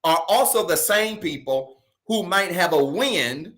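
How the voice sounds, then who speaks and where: A male pastor preaching a sermon in a casual, colloquial way, repeating key phrases and swinging from loud emphasis to soft asides. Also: high voice, animated, unhurried.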